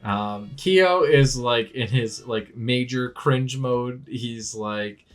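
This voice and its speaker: A man's voice: mid-range voice, slow. A man hosting a manga reaction, recapping a chapter in casual chat and acting out the characters' lines. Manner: animated, acts out characters' lines with laughs.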